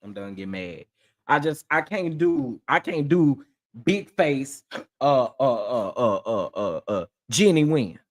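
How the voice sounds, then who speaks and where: A man chats on his live stream with plenty of sass and attitude. His pitch swings widely as he doubles down on phrases for emphasis. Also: measured pace. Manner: sassy and animated, repeats phrases for emphasis. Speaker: livestream host. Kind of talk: casual live-stream commentary.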